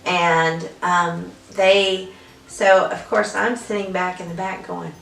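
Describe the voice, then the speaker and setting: A woman co-hosting a casual vlog, retelling a family meal in a chatty, animated way. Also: on the low side, slow pace, gravelly, far from the mic. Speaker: vlog co-host. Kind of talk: casual chat. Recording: roomy echo, away from the mic.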